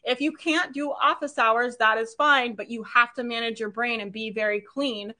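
A woman leads a business training in a bright, forceful voice pitched a little high. She talks in an upbeat, chatty way, laughing often and tagging her points with quick questions to the audience. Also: fairly even intonation. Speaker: business coach. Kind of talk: recorded live business training.

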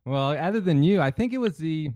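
A man's voice: a little high, animated, fairly quick, warm tone, no room sound. A man hosting a podcast in a casual, easygoing way, with lots of fillers and restarts. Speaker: podcast host.

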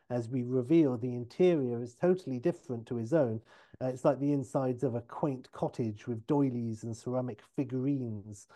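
A man casually retelling a TV episode idea in a loose, rambling storytelling pitch. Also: dark tone. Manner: loose, filler-heavy retelling. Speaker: podcast host pitching a TV episode.

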